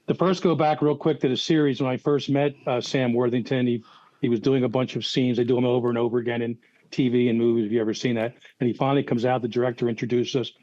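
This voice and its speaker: Older Philly ex-profiler, dull dry audio. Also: male voice, mid-range voice, fairly even intonation, fast, dark tone, dry recording. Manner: rambling anecdotes with many restarts and fillers. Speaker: guest, former FBI profiler. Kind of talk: casual podcast storytelling.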